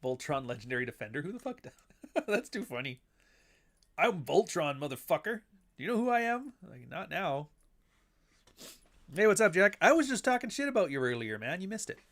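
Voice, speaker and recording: A man's voice: medium pitch, fairly bright tone. A man hosting a casual livestream, rambling between topics and reading the chat aloud. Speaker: livestream host.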